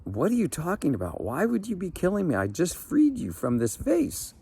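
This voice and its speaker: A man's voice: on the low side, sing-song, slow pace, gravelly, darkish tone, exaggerated voice. A man voicing a poor, frightened old fisherman who pleads and stammers in a told story. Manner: anxious, stammering pleas. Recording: background noise.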